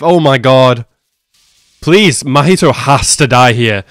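A man reacting to an anime episode, swinging between hushed muttering and loud, swearing outbursts. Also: medium pitch, slow pace, dry recording, studio quality. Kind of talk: live reaction commentary.

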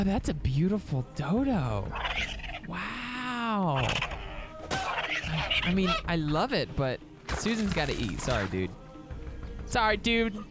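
A man commentating his own gameplay, excitable, chattering to his in-game pets and breaking into squeals and shouts of delight. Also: high voice. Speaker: let's play gamer.

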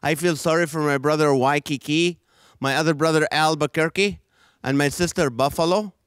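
A man from Israel doing a stand-up comedy routine, animated and quick with quoted voices. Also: on the high side, clear, resonant tone, dry recording, clean studio sound.

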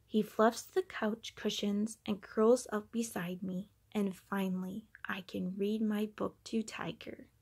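Lady doing a kids read-aloud, slow and gravelly, lots of playful sound effects. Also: medium pitch. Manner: animated, acting out sound effects. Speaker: storybook reader.

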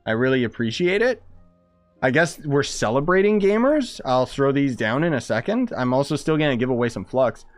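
A young man commenting casually while streaming a game, excitable and chatty, thinking aloud as he plays. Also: mid-range voice, moderate pace. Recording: dry close sound with faint music.

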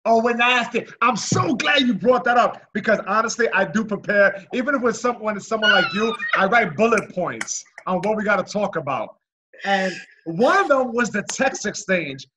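A man's voice: high-pitched, lively intonation, normal speed, sharp tone, slight background noise. A man hosting a podcast as a comedian, chatting casually over a video call and telling stories in a brash, playful, teasing way. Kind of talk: casual chat.

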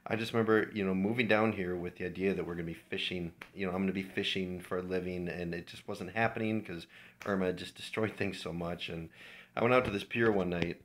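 A man with a deep, low voice speaks to his church family in an informal devotional. He is from Minnesota and talks in an earnest, heartfelt way, as if sharing a personal testimony. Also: slight background noise. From Minnesota, USA.

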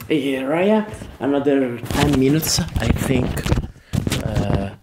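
A man reading an English gamebook on a live stream, in a halting way with chatty asides and self-corrections. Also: mid-range voice, vocal fry, noisy background. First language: Italian.

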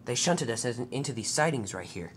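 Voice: mid-range voice, animated, brisk, a little hiss or hum, close to an everyday voice. A narrator voicing a scoffing male engine in a toy-train story.

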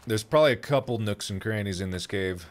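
A man's voice: on the low side, expressive, fast talker. A man streaming a horror game with friends, chatting casually and yelping at scares. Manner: jumpy, yelps and shouts at scares. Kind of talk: casual co-op gaming chat.

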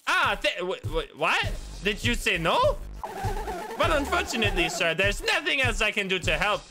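A man's voice: very high-pitched, huge pitch swings, brisk, gravelly, over music, pitched above the performer's own voice, full character voice. A man voicing a fussy, overly polite male hotel innkeeper in an annoying put-on accent. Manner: overly polite, apologetic customer-service tone.

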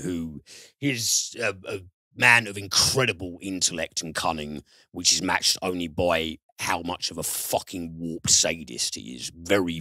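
Deep bright-voiced British man reviewing films. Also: no room sound, clean studio sound. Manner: enthusiastic, casual swearing. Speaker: film reviewer. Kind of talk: casual podcast chat.

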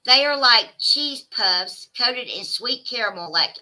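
Chatting casually with livestream viewers and reading their comments aloud, a Southern American woman exclaims and drawls asides to chat. Her voice sits on the high side with lively intonation, bright and forceful, taking it slowly with few pauses.

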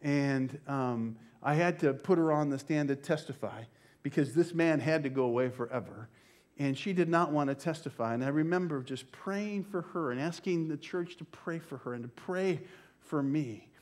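An older man and pastor, preaching a sermon with slow, emphatic phrasing that sometimes drops to a near-whisper. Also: fairly high pitch. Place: church.

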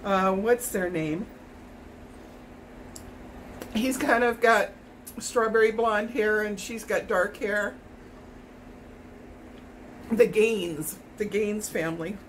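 A woman's voice: mid-range voice, takes it slowly, long pauses, a little hiss or hum, rough recording. A middle-aged woman from Hawaii cooking in her home kitchen, chatting in a rambling way as she tastes and snacks. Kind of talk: casual cooking chat.

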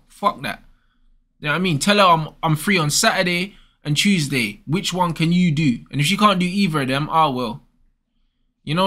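A young man hosts a casual advice rant in a high, pushed, bright voice. He's blunt and full of slang, repeating "bro" and "bruv" over and over.

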